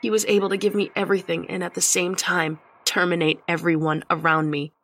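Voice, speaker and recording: A woman's voice: fairly low pitch, flat delivery, a little fast, a bit bright. A woman narrating a horror story in the first person, with a tense, dramatic reading. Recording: music behind the voice.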